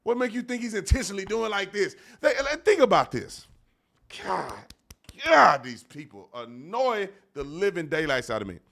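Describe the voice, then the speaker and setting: A man's voice: high voice, sing-song, moderate pace, creaky, fairly bright tone. A man hosting a live commentary show, talking in a casual, colloquial way and repeating words when he gets worked up. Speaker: podcast host.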